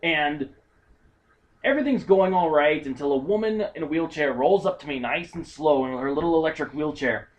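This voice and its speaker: A man's voice: on the high side, normal speed. A young man co-hosting a casual comedy talk show, telling crude work stories and acting out the people in them. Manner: crude, animated, acts out people in his stories. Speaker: podcast co-host.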